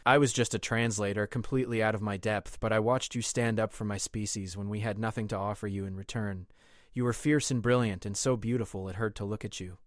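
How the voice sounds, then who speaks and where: A man's voice: lowish voice, steady tone, brisk, no echo, studio quality, natural voice. A man voicing a humble, devoted human translator. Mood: earnest.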